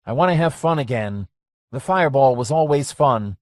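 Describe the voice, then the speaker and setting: Man doing a lonely man in his forties, pleading, raised pitch, dry close sound. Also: animated, normal speed, no echo, natural voice. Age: 40s. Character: worn, lonely middle-aged man longing for his youth.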